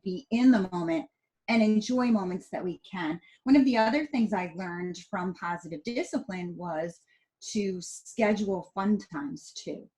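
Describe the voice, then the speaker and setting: A middle-aged woman talks as a podcast guest in relaxed conversation. Her voice is mid-pitched and ordinary for a woman. She tells family stories with animation, acting out the dialogue. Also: unhurried, rough recording.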